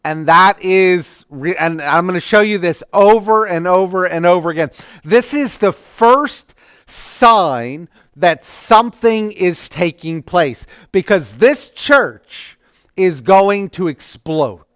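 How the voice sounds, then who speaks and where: A man's voice: high-pitched, fairly bright tone, clear, resonant tone, no echo, clean studio sound. A man teaching an adult church class in a conversational lecture, often restarting his sentences.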